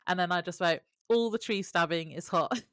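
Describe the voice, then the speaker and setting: Wry, low-voiced woman podcast co-host. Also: normal speed, dry recording, studio quality. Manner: wry, laughs often between remarks. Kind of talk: casual chat recapping a TV episode.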